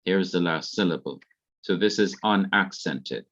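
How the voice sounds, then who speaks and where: A man's voice: low voice, normal speed, fairly bright tone, lo-fi sound. A man with a Jamaican accent, carefully explaining grammar rules in an online revision lesson. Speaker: Hebrew teacher.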